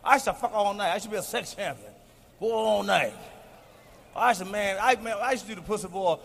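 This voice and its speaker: A man in his forties doing a profane, boastful stand-up routine on stage, shouting his punchlines. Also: sits high, animated, a little fast, gravelly. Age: 40s. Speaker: stand-up comedian. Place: comedy stage before a live audience. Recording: live hall recording with faint noise.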